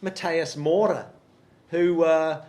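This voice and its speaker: A man's voice: fairly high pitch, fairly even intonation, slow pace, darkish tone. A man from England hosting a live podcast on stage, chatty and enthusiastic, often laughing. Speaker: podcast host.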